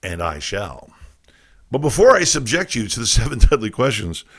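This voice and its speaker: A man hosting a live casual show, loudly teasing and coaxing his chat room, with crude self-mocking asides. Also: mid-range voice, big pitch swings, moderate pace. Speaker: podcast host. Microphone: desk mic, reading chat on a phone.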